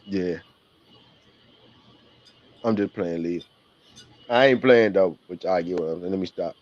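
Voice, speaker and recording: A man's voice: sits low, measured pace, a little mellow. A man with a Southern US accent, casually joking and trash-talking as he hosts a live basketball watch party stream. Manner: joking, trash-talking, slangy, laughs often. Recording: dull lo-fi stream audio.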